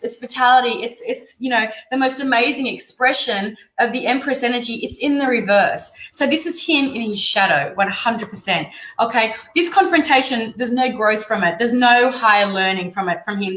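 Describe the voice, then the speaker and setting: A woman's voice: on the high side, a bit bright. Chatty Australian woman reading tarot. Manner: chatty, thinks aloud in loose rambling phrases. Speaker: tarot reader. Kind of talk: live-streamed tarot reading. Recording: roomy echo, faint background noise.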